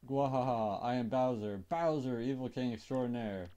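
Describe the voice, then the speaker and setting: A man voicing a boastful, gruff villainous turtle king while playing through a game. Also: medium pitch, moderate pace, warm tone, muffled recording, lightly acted. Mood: gloating. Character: bellowing brutish male turtle king villain. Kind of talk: let's play character voicing.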